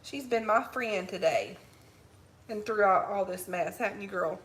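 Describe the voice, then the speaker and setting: A woman chatting casually on a livestream, cooing baby talk to her puppy in a soft, drowsy way. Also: mid-range voice, measured pace. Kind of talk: casual live chat.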